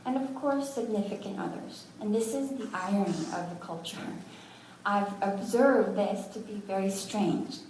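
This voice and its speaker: A woman's voice: mid-range voice, moderate pace, a little mellow, a little hiss or hum. A woman teaching a language class, patiently sounding out words syllable by syllable with good-humored asides. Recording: echoey room, from far off.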